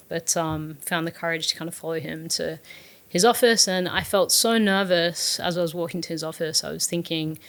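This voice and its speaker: A woman's voice: on the low side, vocal fry. A young adult woman, a startup founder, earnestly telling a personal story in an interview, with many fillers and restarts.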